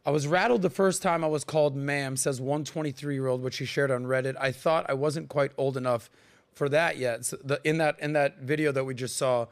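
A man's voice: medium pitch, a little fast. A man in his forties hosting a podcast, chatting casually and acting out voices as he tells stories. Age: 40s. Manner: animated storyteller who acts out accents and voices. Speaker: podcast host. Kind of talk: casual chat.

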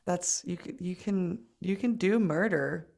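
A woman's voice: fairly low pitch, unhurried, vocal fry, crowd noise. A woman co-hosting a podcast in casual chat, joking and swearing freely as she laughs along. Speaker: podcast co-host.

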